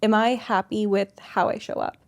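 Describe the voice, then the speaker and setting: A woman's voice: mid-range voice, fairly even intonation, moderate pace. A woman guest on an interview, a sales coach, talking candidly and animatedly, peppering her speech with "like". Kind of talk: casual conversational interview.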